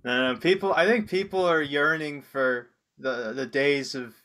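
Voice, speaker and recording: A man's voice: on the high side, a little slow, pushed and bright. A man in a casual comedy chat who stumbles and repeats words as he starts his points.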